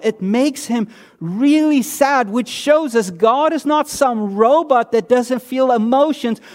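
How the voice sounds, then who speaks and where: A male pastor with a high voice preaches in plain, conversational language, asking his listeners questions and then answering them himself. On the words he stresses, he sinks low and quiet. The long reverb of a church hall trails after him.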